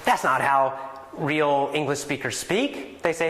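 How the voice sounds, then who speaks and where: A man talks through a casual language lesson. His voice sits a little high for a man, and the room around him rings with echo. He explains at length and jumps into a brighter voice when he acts out everyday phrases. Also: normal speed. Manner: animated, explanatory, acts out greetings in a lively higher voice. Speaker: language teacher.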